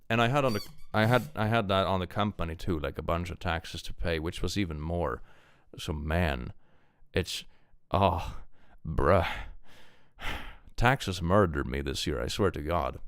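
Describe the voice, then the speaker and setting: A Swedish-accented man chats on a livestream and reads out viewer messages in a jokey, animated way, swearing freely. His voice is fairly low, and the sound is dry and close with no room echo. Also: measured pace, smooth. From Sweden. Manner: animated and jokey, swears freely, swings between mock-gloomy and excited. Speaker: streamer. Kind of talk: casual livestream chat, reading viewer messages.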